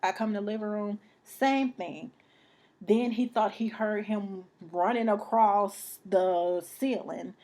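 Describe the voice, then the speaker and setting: A young woman telling a personal story to camera, halting and emotional, repeating herself and sometimes dropping to a near whisper. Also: medium pitch, darkish tone. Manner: repeats phrases, many restarts.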